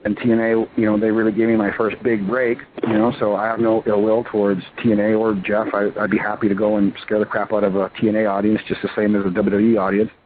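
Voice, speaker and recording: A man's voice: on the low side, quick pace, hardly any pauses. Guy in his 30s, pro wrestler, rambly and worked up, sounds like he's on the phone, bit of hiss. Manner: excitable, rambling, full of "you know" and "I mean". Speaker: pro wrestler, interview guest. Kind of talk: casual phone interview. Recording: tinny phone line with faint hiss.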